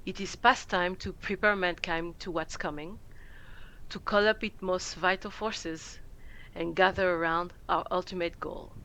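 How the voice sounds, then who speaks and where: A woman voicing the spokeswoman of a secret order, giving a grave, measured rallying speech that sometimes sinks to a whisper. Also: fairly low pitch, fairly bright tone, a little hiss or hum, poor audio. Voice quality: solemn, measured delivery, drops to a whisper at times. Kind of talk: pre-recorded dramatic speech.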